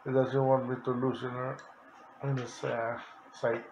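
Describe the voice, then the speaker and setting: Guy with a slow gravelly voice baby-talking his bird, lots of laughing, phone video at home. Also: mid-range voice, level tone, background noise. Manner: coos and coaxes a pet bird, laughing often. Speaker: pet owner showing his bird. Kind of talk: casual home video chat.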